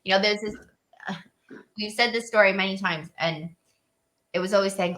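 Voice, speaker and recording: Bright-toned woman in casual chat. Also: lowish voice, fast talker. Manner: earnest, animated quoting.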